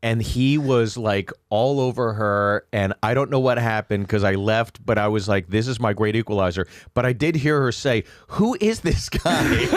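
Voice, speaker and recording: A man's voice: lowish voice, normal speed, hardly any pauses, noisy background. A man co-hosting a podcast, telling a long comic story and acting out the people in it. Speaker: podcast co-host. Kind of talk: casual comedic storytelling.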